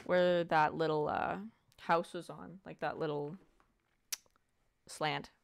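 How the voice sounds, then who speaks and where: A woman's voice: deep voice, little pitch movement, takes it slowly, vocal fry. A woman giving casual, rambling gameplay commentary, muttering self-deprecating asides to herself as she plays. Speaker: let's play gamer.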